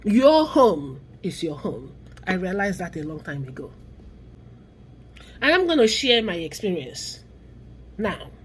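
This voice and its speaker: A woman's voice: lowish voice, big pitch swings. A middle-aged woman with a Nigerian accent, speaking her mind in an impassioned vlog and leaning hard on key words. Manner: emphatic, drawn-out stresses on key words. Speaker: vlogger. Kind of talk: impassioned social commentary.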